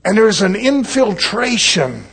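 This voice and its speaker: Man preaching, husky and fairly high-voiced, chatty and folksy with acted quotes. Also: sing-song, slow pace, a bit bright. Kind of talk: sermon.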